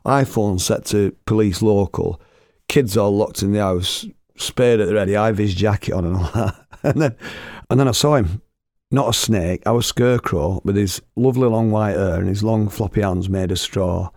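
A chatty storyteller with a low, gravelly voice, rambling from one tale to the next. The recording is dry and close, with hardly any room sound. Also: male voice, moderate pace, a little mellow, no room sound. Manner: rambling, chatty, laughs at his own tales. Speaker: storyteller and former radio host. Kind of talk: casual anecdotal storytelling.

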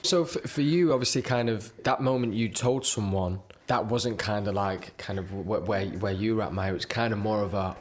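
A man's voice: on the low side, moderate pace, hardly any pauses. A man hosting an interview, asking questions with frequent restarts and hesitations.

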